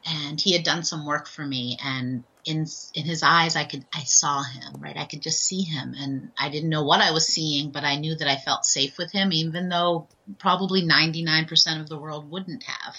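A woman's voice: sits low, fairly even intonation, moderate pace, hardly any pauses, sharp tone, husky. A woman guest telling a personal story in a podcast interview, earnest and heartfelt, often checking in with "right?". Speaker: guest, author and transformational speaker. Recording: dull, lo-fi sound.

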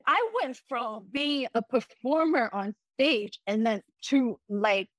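A young adult woman musician, a guest in a casual interview, telling lively stories with casual swearing and acting out what others said. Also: a little high, takes it slowly, dry recording. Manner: animated, acts out quoted dialogue, casual swearing.

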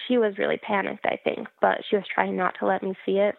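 A woman's voice: mid-range voice, fairly even intonation, fast, vocal fry, no echo. Frank woman on a tinny line. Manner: frank, wry, laughs at herself. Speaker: guest telling her birth story. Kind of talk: casual storytelling interview.

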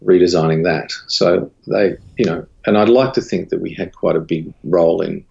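Deep gravelly man. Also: normal speed, muffled recording. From Australia. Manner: candid, recounts dialogue with rising animated pitch. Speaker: guest, studio owner and creative director. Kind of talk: casual interview storytelling.

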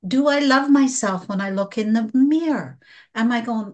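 A woman guest speaking slowly and earnestly about angelic healing, at times emotional. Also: on the high side, a little mellow. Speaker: guest practitioner. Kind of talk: spiritual podcast conversation.

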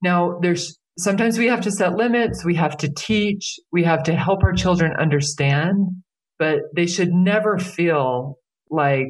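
A middle-aged woman speaking as a guest, talking earnestly about parenting in casual conversation with animated emphasis. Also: fairly low pitch, unhurried. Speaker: podcast guest, parenting expert.

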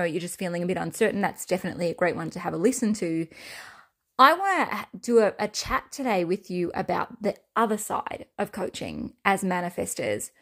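A woman in her thirties with an Australian accent, hosting a solo podcast in a chatty, enthusiastic way with frequent fillers and restarts. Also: mid-range voice. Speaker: podcast host. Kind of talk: casual solo podcast talk.

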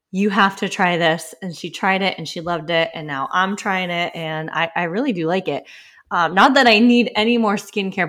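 A woman's voice: medium pitch, a bit bright. A woman in her thirties hosting a casual solo podcast, chatty and full of "like" fillers, laughing often and a little winded. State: slightly winded. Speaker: podcast host.

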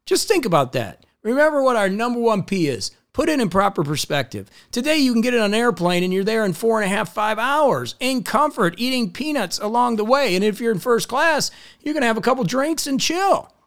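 A middle-aged man giving an energetic, enthusiastic motivational talk, telling stories and acting out the people in them. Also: extremely high pitch, a little fast. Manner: energetic, enthusiastic, storytelling with acted quotes. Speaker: motivational speaker.

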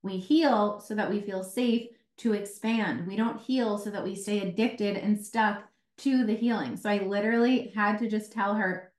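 Woman life coach, solo podcast, blunt and profane, mid-pitched, echoey room. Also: steady tone, moderate pace, hardly any pauses. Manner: candid and swears freely; mimics others' voices in quotes. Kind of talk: casual solo podcast monologue.

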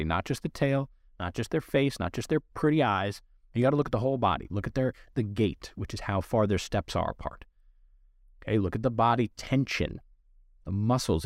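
Male dog trainer, mid-pitched, earnest explainer, dry close mic. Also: dry recording. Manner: earnest, explanatory, talks to listener directly. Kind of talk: instructional podcast talk.

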